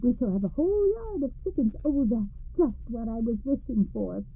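A woman's voice: fairly high pitch, very animated, normal speed, voice pushed up. A woman doing a gushing old farmer's wife. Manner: gushing, exclamatory praise. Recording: tinny lo-fi radio recording.

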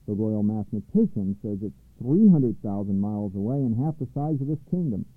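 A man voicing a hot-tempered, worried king who talks loudly and insistently, over a tinny line. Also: fairly low pitch, animated, fairly quick, dry recording. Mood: mournful. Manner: loud and demanding, then mournful. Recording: tinny phone-like line, dry.

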